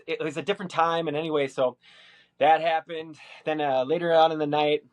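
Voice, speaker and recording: Hesitant rambling man, fairly high voice. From Minnesota, USA. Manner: hesitant, many fillers and restarts. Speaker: vlogger. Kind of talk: rambling personal recounting.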